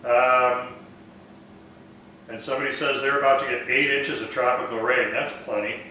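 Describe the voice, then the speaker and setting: Man in an echoey shop, bright voice. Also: medium pitch, moderate pace, recorded from a distance, slight background noise. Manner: relaxed, thinks aloud with fillers. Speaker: woodworking live stream host. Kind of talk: casual live Q&A, reading viewer comments. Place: woodworking shop.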